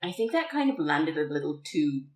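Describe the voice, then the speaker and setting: A woman's voice: low voice, fairly quick. A woman co-hosting a podcast, chatting casually about films and laughing often. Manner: chatty, animated, laughs often, many fillers. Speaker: podcast co-host. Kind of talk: casual film chat. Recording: roomy echo.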